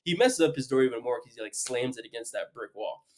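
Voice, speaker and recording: A man's voice: medium pitch, expressive, quick pace, a little mellow. A young man hosting a podcast, telling a long story in a casual, rambling way full of "like". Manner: rambling, heavy use of "like". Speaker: podcast host.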